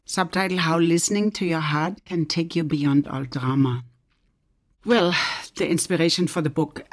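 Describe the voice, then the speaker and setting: A middle-aged woman from Germany, introducing her own book with earnest personal storytelling. She often drops into a soft near-whisper. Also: low-pitched, gravelly. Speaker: author.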